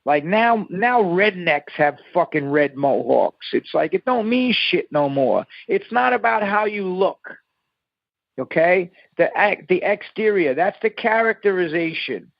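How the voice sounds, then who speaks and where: Gravelly high-voiced man in his fifties. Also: dry recording. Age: 50s. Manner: profane, emphatic storytelling. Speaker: musician guest. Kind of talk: phone interview. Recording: dull lo-fi phone line.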